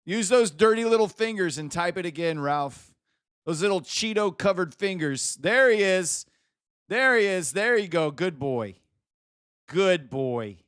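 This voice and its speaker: A man's voice: sits high, animated, normal speed, a bit bright, clear, resonant tone, dry recording, clean studio sound. A man hosting a live stream, teasing and mock-scolding a viewer in casual chat banter. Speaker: livestream host.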